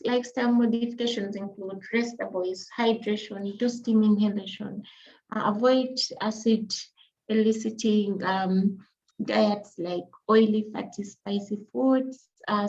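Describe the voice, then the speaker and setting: Woman, medical lecture, patient explaining, dull low-fidelity sound. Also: a little mellow. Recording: dull lo-fi recording.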